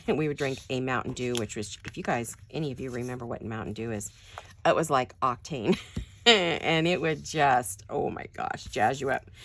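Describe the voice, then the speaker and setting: An older woman with a raspy early-morning voice chats quietly and casually to her viewers while she works on a craft project in her home studio. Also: extremely low pitch. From California. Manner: quiet, chatty, addresses viewers directly. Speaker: crafting channel host.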